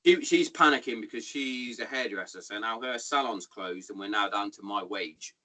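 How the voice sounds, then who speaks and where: A man in his thirties with an English accent, hosting a podcast in casual, sweary, animated chat. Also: on the low side, moderate pace, poor audio. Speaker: podcast host.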